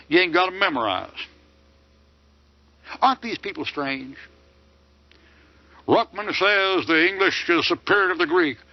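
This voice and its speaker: A man's voice: high voice, dry recording. An older man preaching a fiery sermon lecture, firing off mocking rhetorical questions. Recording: dull lo-fi dry recording.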